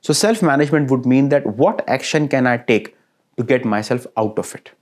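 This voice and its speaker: A man lecturing at an ordinary middle pitch. He talks in a lively way, builds repeated lists of phrases and keeps checking that his listeners follow him. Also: normal speed. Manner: lively, asks listeners frequent checking questions. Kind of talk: recorded classroom lecture.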